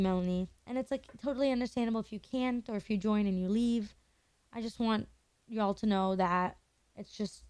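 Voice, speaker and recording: A woman's voice: medium pitch, darkish tone, no echo. A young woman streamer in her twenties chatting candidly and emotionally with her viewers, swearing casually.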